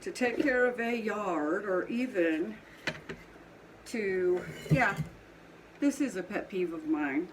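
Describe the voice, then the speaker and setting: Slow, chatty Southern-tinged woman. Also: medium pitch, noisy background. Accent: Southern US twang. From Colorado. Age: middle-aged. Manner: chatty, rambling, laughs often. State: sniffly nose. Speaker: potter. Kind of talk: casual chat while working. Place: home pottery studio.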